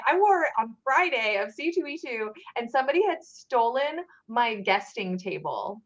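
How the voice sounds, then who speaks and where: Woman guest, lively storyteller, bit higher voice, muffled stream audio. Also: moderate pace, few pauses. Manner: animated, laughing, many "like" fillers. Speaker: guest cosplayer. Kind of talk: casual storytelling chat.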